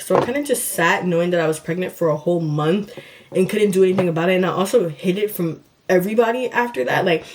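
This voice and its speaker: Young woman vlogger, kinda low voice, chatty storytime, lots of "like", acts out the quotes. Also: darkish tone, slight background noise. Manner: chatty, acts out quotes of herself and others, many fillers. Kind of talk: casual storytime.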